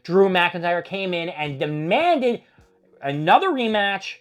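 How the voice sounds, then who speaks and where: A man's voice: high-pitched, expressive, slow. A man hosting a casual wrestling recap, rambling and opinionated with plenty of swearing. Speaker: host.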